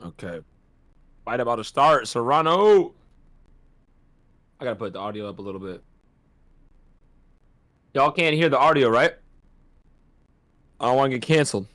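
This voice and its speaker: An excitable man calls a boxing fight live, talking casually and in slang. His voice sits at an ordinary pitch and is recorded close and dry, with no room sound. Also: moderate pace, pauses often, dry recording. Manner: excitable, laughs often, slangy. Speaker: host doing fight commentary. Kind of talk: casual watch-party commentary.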